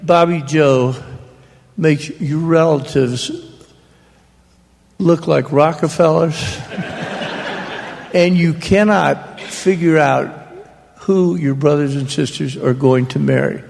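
An older man with a drawl, spinning family anecdotes for a live audience. His voice is gravelly and a little high, and he takes his time over every line. The hall around him rings with a long reverb. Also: steady tone, darkish tone. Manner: slow, drawling anecdotal delivery with laughs in the voice. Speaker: author speaking on stage.

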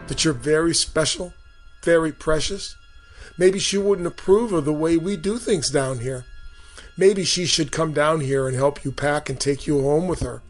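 A cruel, taunting Marine drill sergeant, as a man reads him out in his story. He sneers and threatens, dropping at times into a close, hissing whisper. His voice sits fairly high for a man, with faint music behind it. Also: close to an everyday voice. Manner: sneering, taunting, swings from shouting to hissed whispers. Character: harsh male Marine drill sergeant, menacing. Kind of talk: storytelling narration.

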